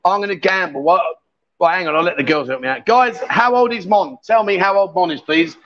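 Guy with a pretty high voice hosting a bar livestream, jokey teasing, kinda dull lo-fi sound. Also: brisk, a bit bright. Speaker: livestream host. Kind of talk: live bar stream banter. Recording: dull lo-fi stream audio.

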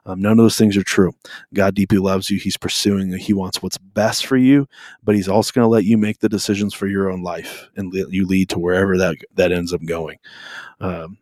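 Low-voiced man in casual faith podcast chat. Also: dry recording, studio quality. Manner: relaxed, rambling, many "um" fillers. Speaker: podcast co-host. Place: at home on a video call.

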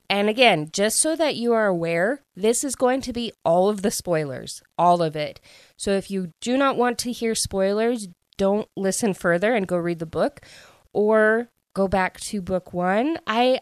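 A young woman chats through a book recap with a lot of "like" and quick retelling. Her voice sits low for a woman. The sound is close and dry. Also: smooth, no room sound. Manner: chatty, fillers of "like", quick retelling. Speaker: book podcast host. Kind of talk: casual spoiler recap.

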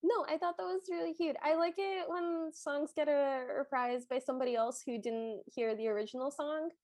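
A woman's voice: high voice, fairly even intonation, normal speed, a little mellow, no room sound. A woman co-hosting a podcast, chatting casually and acting out quotes with playful voices. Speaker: podcast co-host. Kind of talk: casual chat recapping a TV special.

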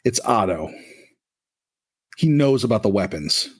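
A man's voice: on the low side, expressive, measured pace, breathy edge. A man voicing a tough woman who bluntly urges her allies to prepare for war. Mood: grim.

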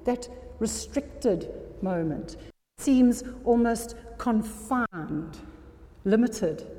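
Mellow-voiced woman preaching in a hall. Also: mid-range voice. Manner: earnest, checks in with the audience often. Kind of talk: sermon. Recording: long reverb of a hall.

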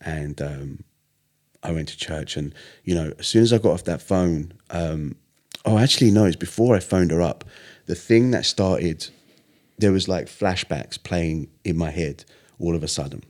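Deep-voiced man telling his story. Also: normal speed. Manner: earnest, animated retelling with acted-out quotes. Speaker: podcast guest, vocalist. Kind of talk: casual storytelling interview.

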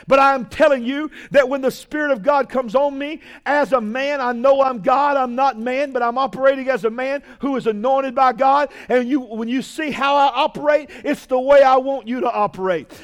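A man preaching a fiery sermon, shouting and drawing out key phrases and calling out to the congregation. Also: very high voice, fairly even intonation. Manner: shouting, drawn-out emphatic preaching with call-outs to the congregation.

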